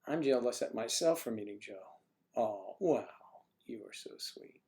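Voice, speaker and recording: This man's mid-range voice is warm, with lively intonation and a moderate pace. He's hosting an easygoing livestream from home, coughing as he chats, rambles and jokes with viewers. He keeps readjusting the microphone on its stand.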